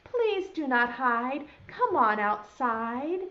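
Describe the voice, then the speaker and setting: A woman voicing a big, gentle, curious bear in a children's story, calling out eager questions. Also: high-pitched, very animated, slow, highs cut off, exaggerated voice. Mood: welcoming. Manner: eager questioning, repeated calls.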